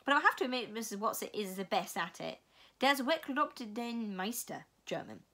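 Woman voicing quaint old lady, measured, quotes proverbs, lively lilting voice, storybook. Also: on the high side, full character voice. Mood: wry. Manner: measured, quoting sayings. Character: quaint elderly woman fond of foreign proverbs.

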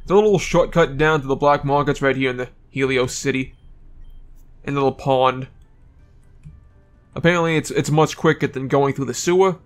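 A young man casually commenting on his gameplay, swearing offhand and reading on-screen text aloud. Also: medium pitch. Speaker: let's play gamer.

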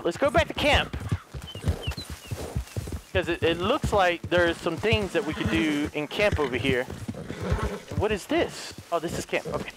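A hoarse man giving excitable, casual let's-play commentary, cursing freely and chatting to his horse. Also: a little high, noisy background. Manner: excitable, swears often, talks to his horse. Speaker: gaming video host.

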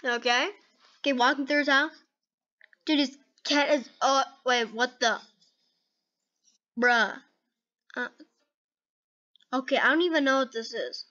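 A woman hosting a gaming video, giving casual reaction commentary in an excitable, chatty way, saying okay and dude over and over. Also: high-pitched, a little slow, pauses often, highs cut off.

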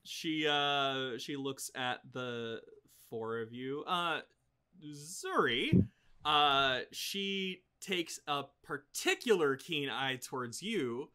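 A man running a tabletop game, describing the scene at a slow, easy pace. His voice is bright and forward, and fillers and asides trail through his lines. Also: mid-range voice, lively intonation, clear, resonant tone. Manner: unhurried, many fillers and asides. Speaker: game master.

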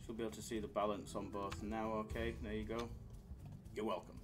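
A man's voice: fairly low pitch, flat delivery, brisk. A man hosting a casual live stream, bantering with chat in a laid-back way.

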